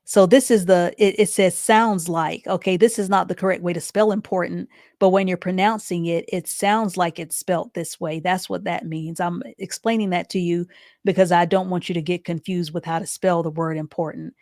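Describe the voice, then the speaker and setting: A woman teaching a live online reading class, patiently repeating each explanation step by step and reading sentences out slowly. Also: fairly low pitch, steady tone, a little mellow, no room sound, clean studio sound. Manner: reads sentences out slowly and deliberately.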